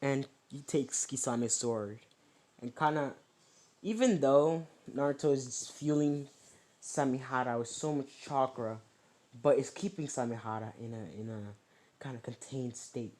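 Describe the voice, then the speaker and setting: A man's voice: mid-range voice, measured pace, a little mellow. A young man improvising a fan story narration, rambling with many fillers and self-corrections.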